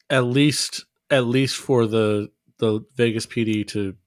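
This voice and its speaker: A man co-hosting a casual podcast, speaking haltingly with restarts. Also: mid-range voice, fairly even intonation, dry recording, clean studio sound. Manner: halting, with restarts and short agreements. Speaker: podcast co-host.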